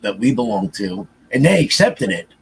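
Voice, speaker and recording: On a casual podcast livestream, this co-host talks in a loose way, often starting over and repeating things. He sounds very animated, with a fairly low, breathy-edged voice at a moderate pace, though the audio quality is poor.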